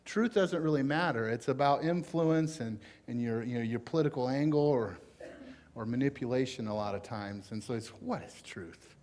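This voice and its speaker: A male pastor with a Southern US accent, preaching a conversational sermon in a folksy, informal way with animated emphasis. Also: mid-range voice, moderate pace. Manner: folksy, informal, with frequent fillers.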